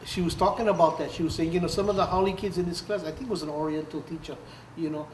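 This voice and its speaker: A man's voice: on the high side, fairly even intonation, fast, far from the mic. An older man, telling stories in an oral history interview, laughing and acting out what others said. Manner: storytelling, laughs often, acts out quotes. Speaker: interviewee, former activist. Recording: roomy, off-mic, faint background noise.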